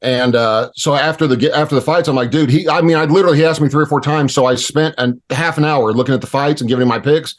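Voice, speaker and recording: A man co-hosting a podcast who talks in a relaxed, rambling way in casual chat. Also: on the high side, fast talker, hardly any pauses. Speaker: podcast co-host.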